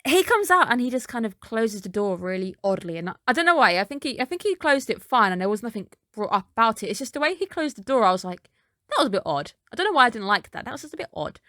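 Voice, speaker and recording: A woman's voice: a little high, sing-song, fast, pushed and bright, no echo, studio quality. A woman reviewing an anime episode in a casual recap, chatty and dropping skeptical asides.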